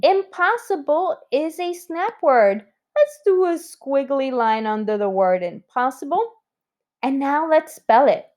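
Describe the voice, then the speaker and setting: A woman's voice: sits high, animated, a little slow, darkish tone. A woman teaching a recorded spelling lesson to children, sounding out words letter by letter.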